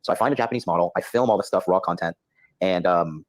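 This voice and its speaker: Fast-talking man telling a story. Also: low voice, no room sound, low-quality recording. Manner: fast, animated, acts out his own inner voice with lots of swearing. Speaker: guest. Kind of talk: storytelling in a podcast interview.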